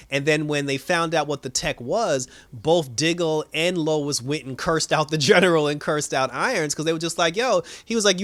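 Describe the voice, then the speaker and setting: A man recaps a TV episode in casual, slangy speech, slipping into the characters' lines as he goes. His voice sits a little high for a man. The sound is dry and close, with no room around it. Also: dry recording. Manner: animated retelling with quoted voices and laughs; frequent fillers and restarts. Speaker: TV episode reviewer.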